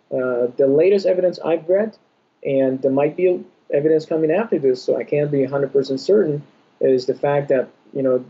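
A young adult man, an orthodontist guest, answering podcast interview questions in a measured, explanatory way with frequent pauses. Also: medium pitch, dark tone, husky. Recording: dull lo-fi audio.

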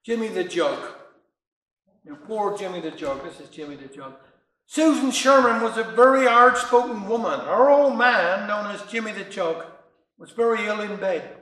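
A man's voice: high voice, fairly bright tone, reverberant, poor audio. A man with a Cornish accent reciting humorous dialect poems and stories, chuckling between tales. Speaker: dialect storyteller.

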